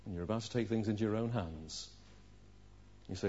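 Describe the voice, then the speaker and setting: Husky preacher, loud then hushed. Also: male voice, on the low side, a little fast. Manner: earnest preaching with rhetorical questions, swinging from loud to hushed. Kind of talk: sermon. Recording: dull lo-fi recording.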